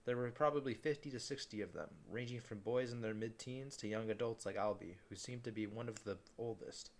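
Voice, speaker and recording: A man's voice: fairly low pitch, brisk. Man reading a novel aloud, stumbling. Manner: casual reading with frequent stumbles and restarts.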